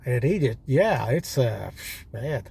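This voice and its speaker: A man's voice: medium pitch, very animated, slow, gravelly, warm tone, breathy edge. A man with an Oklahoma accent talking straight to the camera in a blunt, exasperated, rambling way, full of fillers. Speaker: vlogger. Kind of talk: casual ranting monologue. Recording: street and vehicle noise behind.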